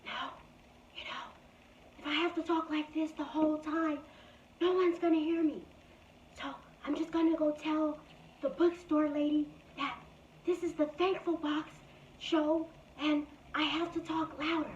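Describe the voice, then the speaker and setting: A woman hosts a children's show with a high, bright voice. She talks slowly and playfully for young listeners, and the recording sounds roomy and distant, with a slightly dull tone. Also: flat delivery, a little hiss or hum. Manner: bright, playful, slow and clear for kids. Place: bookstore.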